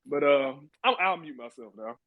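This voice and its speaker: A man hosting a live audio chat room, talking in animated, laughing rants full of profanity. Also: mid-range voice, moderate pace, dry recording, phone-quality sound. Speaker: host.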